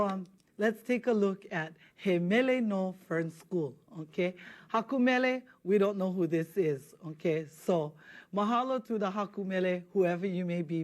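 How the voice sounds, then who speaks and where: Woman, patient studio language teacher, repeats words slowly. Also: on the low side, a little mellow. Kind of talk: televised language lesson.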